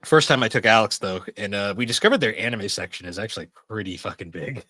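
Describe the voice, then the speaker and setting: A man's voice: lowish voice, expressive, fast, sharp tone, no echo. A young adult man co-hosting a podcast in casual chat, rambling and swearing freely. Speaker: podcast co-host.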